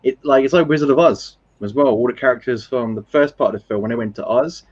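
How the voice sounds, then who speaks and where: A man's voice: medium pitch, fast talker, darkish tone, slightly rough, muffled recording. A man chatting casually in a film discussion live stream, rambling and explaining his points through examples.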